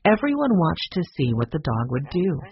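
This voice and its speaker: An audiobook narrator giving a lively, expressive reading of a children's story on a dull lo-fi recording. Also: mid-range voice, moderate pace, noisy background.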